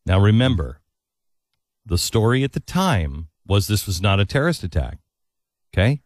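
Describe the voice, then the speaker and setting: A male talk-show host giving commentary in an animated, emphatic, incredulous way. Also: on the low side, moderate pace, no room sound, studio quality. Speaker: radio host.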